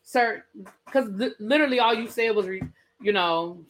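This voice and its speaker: A woman hosting a casual celebrity gossip podcast, talking in an animated, incredulous way with laughing asides. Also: medium pitch, moderate pace, slight background noise. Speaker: podcast host.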